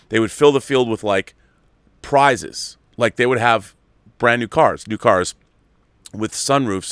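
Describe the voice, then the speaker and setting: A man's voice: lowish voice, a bit bright, smooth, no room sound. A middle-aged man hosting a live show, chatting casually and nostalgically as he reads viewer questions, rambling with many restarts. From Seattle area. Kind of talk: casual live-stream chat.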